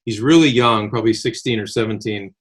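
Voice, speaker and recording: An older man from Connecticut telling lively anecdotes in a casual chat and acting out the voices of the people in his stories. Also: on the low side, fairly quick, slightly rough. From Connecticut, USA. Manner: animated anecdotal storyteller, acts out quoted voices. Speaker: podcast co-host. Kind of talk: casual reminiscing storytelling.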